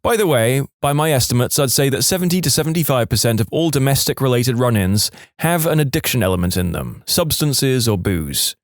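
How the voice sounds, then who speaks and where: A man's voice: mid-range voice, lively intonation, fairly quick, few pauses, dry recording, clean studio sound. A man with a wry storytelling tone, reading stories from an online forum aloud. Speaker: story narrator.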